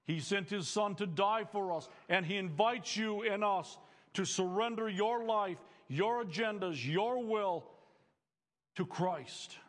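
High-voiced preacher in a reverberant hall. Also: male voice, slow pace. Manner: earnest preaching with rising emphatic phrases. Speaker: pastor. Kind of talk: sermon.

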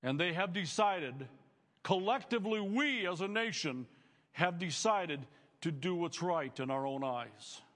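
A man's voice: high voice, expressive, unhurried, fairly bright tone, in a large hall. A male pastor preaching a sermon to students, earnest and emphatic, building phrases up as he speaks.

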